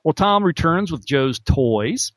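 A man's voice: a little high, expressive, slow, fairly bright tone, dry recording. A man co-hosting a podcast, casually recapping film scenes with fillers and chuckles. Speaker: podcast co-host.

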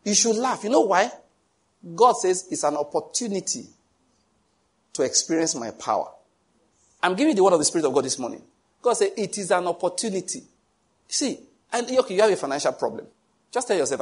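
Husky pastor guy giving a sermon, kinda high voice, keeps asking if folks heard him. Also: very animated, fairly quick, pauses often. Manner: emphatic, asks the congregation questions.

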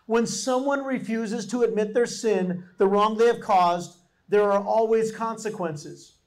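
A man preaches a sermon in a very high voice. He is animated and acts out the people in the stories he tells. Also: measured pace. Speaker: pastor.

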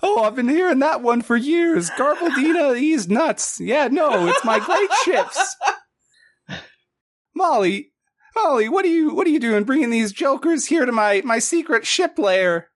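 A man voicing a gruff, boastful female otter shipwright with thick glasses in a tabletop game, talking in a brash, crude way. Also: extremely high pitch, expressive, a little slow, fairly bright tone, pitched above the performer's own voice, full character voice.

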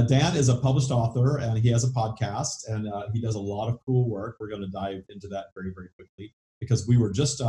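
A man's voice: fairly low pitch, mellow, roomy sound. A man with a Southern US accent hosting a spiritual podcast, talking casually and repeating words as he thinks aloud. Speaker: podcast host.

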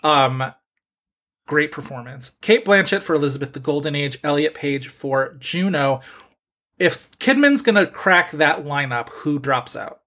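Animated chatty male podcast host. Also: a little high, measured pace. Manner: animated, full of "like" fillers. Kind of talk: casual chat.

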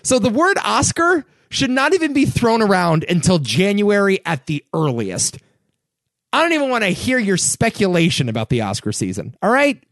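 A young man hosting his own podcast, talking casually and getting worked up into animated rants about pop culture. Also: normal speed, no echo, clean studio sound. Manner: animated, ranting, rising pitch when worked up. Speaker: podcast host. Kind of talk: casual solo podcast commentary.

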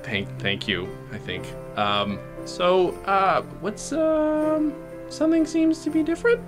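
An actor playing an awkward, patient man confronting his friend, talking in a hesitant, halting, polite way in a comedy sketch. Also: high-pitched, over music.

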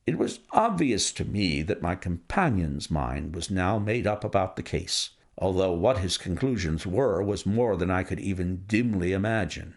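A man narrating a classic detective story in steady, scripted storytelling. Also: low-pitched, moderate pace, hardly any pauses. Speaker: audiobook narrator.

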